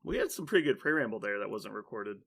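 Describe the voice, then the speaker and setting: A man hosting a podcast in casual chat, an animated storyteller who rambles with lots of "like" and laughs often. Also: fairly low pitch, quick pace, vocal fry. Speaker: podcast host.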